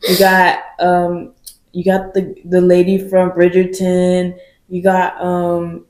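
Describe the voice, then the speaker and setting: A woman's voice: lowish voice, monotone, slow, darkish tone, reverberant. A woman co-hosting a podcast, chatting casually and rambling with lots of fillers. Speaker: podcast co-host. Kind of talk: casual chat.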